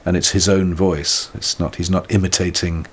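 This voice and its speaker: A man's voice: low voice, little pitch movement, moderate pace. An older British man talking thoughtfully in an interview, wry and self-mocking, often restarting his sentences. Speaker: musician being interviewed. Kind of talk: reflective conversational interview.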